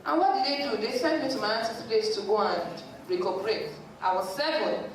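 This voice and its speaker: A woman, a psychologist telling a story to a church congregation in an animated way. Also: mid-range voice, fairly quick, slight background noise. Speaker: psychologist speaking at a church service. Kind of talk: lively talk at a church service. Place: large church hall. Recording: echoey church hall, mic at a distance.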